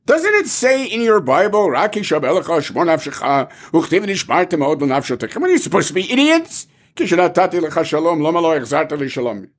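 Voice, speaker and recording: A man acting out an arrogant, angry government official who yells insults. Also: a little high, lively intonation, brisk, hardly any pauses. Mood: scornful. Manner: scornful, yelling insults.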